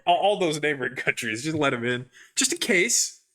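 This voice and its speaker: A man's voice: on the high side, big pitch swings, normal speed, sharp tone. A man co-hosting a podcast, chatting casually with dry, sarcastic banter. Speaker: podcast co-host. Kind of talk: casual chat.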